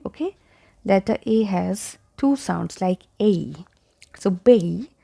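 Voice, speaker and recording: A woman teaching English pronunciation online, going slowly and repeating each word several times, sometimes dropping to a whisper. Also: medium pitch, lively intonation, creaky, mellow, no echo.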